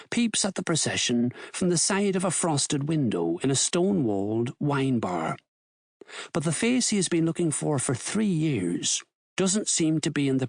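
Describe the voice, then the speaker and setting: A man narrating a thriller audiobook in a measured, expressive way, on a close studio mic. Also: medium pitch, no echo.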